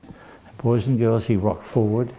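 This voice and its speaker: An older man telling a dramatic story to children, animated and acting out the voices. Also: medium pitch, a little slow. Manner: animated, acts out voices with shouts.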